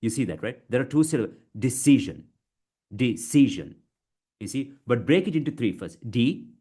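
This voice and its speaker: A man teaching public speaking in an online class, repeating words slowly in chunks and often saying "you see" to his students. English is not his first language. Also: mid-range voice, animated, mellow, slightly rough. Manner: slow, chunked pronunciation drills with many repetitions; addresses listeners as guys, says you see often.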